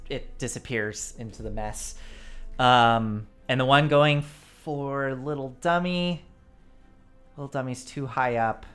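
A woman's voice: very deep voice, takes it slowly, clear, resonant tone, faint music behind. A woman narrating as the game master of a tabletop role-play stream, giggly and rambling with fillers, on a desk mic.

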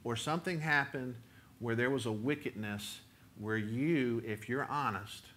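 A man delivers a sermon in a bright, forceful voice. He reads scripture steadily, then turns emphatic and loud when he voices the cries of the text. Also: medium pitch, a little slow, slight background noise. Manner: emphatic preaching, rising to near-shouts when voicing the prophet's complaint. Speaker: pastor.

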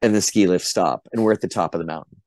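A man's voice: low-pitched, quick pace, darkish tone, no room sound. Chatty middle-aged man telling stories. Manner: chatty storyteller, acts out quotes. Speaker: actor guest. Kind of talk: casual anecdotal interview talk.

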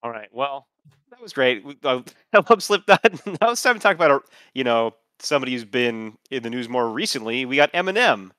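A man's voice: mid-range voice, expressive, fairly quick, fairly bright tone, smooth, no echo. A man hosting a comedy podcast who reads old forum posts aloud in a laughing, mock-earnest way. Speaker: podcast host.

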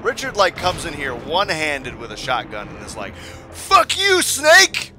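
A man's voice: medium pitch, very animated, a little fast. Rambling young man narrating gameplay. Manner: rambling, repeats himself while thinking aloud. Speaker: gaming video host. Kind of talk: casual let's-play commentary. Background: game music.

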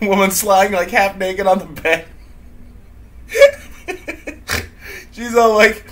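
A podcast co-host with a high, slightly bright voice talks very slowly and pauses often. He trades crude comedic banter with a giggle, telling absurd bits in silly voices.

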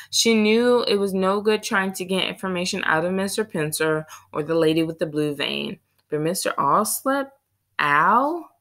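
Woman reading a children's novel aloud. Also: on the low side. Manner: steady storytelling read. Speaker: audiobook reader. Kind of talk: scripted narration.

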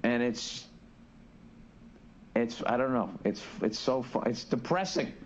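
A man's voice: medium pitch, lively intonation, takes it slowly, dull audio, slight background noise. A man, a comedian, ranting in a loose podcast style, swearing constantly and restarting his sentences. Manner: profane, rambling, restarts often. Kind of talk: rambling podcast rant.

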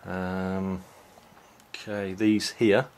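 A male toy reviewer with a lowish voice gives a casual product walkthrough in a relaxed show-and-tell style. He's unhurried and halting, full of ums and restarts, with faint room hiss behind him.

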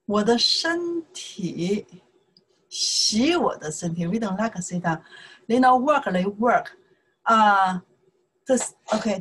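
A woman with a Chinese accent, a native Chinese speaker, teaching a casual language lesson in slow, repetitive steps and checking "okay?" after each point. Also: mid-range voice, fairly bright tone, slightly rough, poor audio. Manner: slow, repeats words, says okay often.

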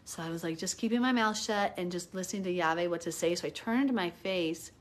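A woman's voice: lowish voice, fairly quick. A middle-aged woman giving a live Bible teaching, talking in a hyper, chatty way full of "like" and turning earnest and emotional as she tells her story. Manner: earnest and emotional when retelling prayer.

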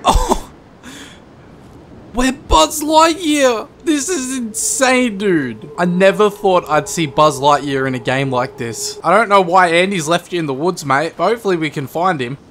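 A man doing excited game commentary, yelling and laughing as he plays. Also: a little high, moderate pace, hardly any pauses, slight background noise. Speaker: gaming YouTuber. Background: game music.

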